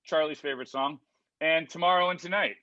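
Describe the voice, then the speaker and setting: Homme à la voix vive, son terne. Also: male voice, on the high side, a little fast, sharp tone, no echo. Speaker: co-host reading out track lists. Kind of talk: casual chat. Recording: dull lo-fi dry sound.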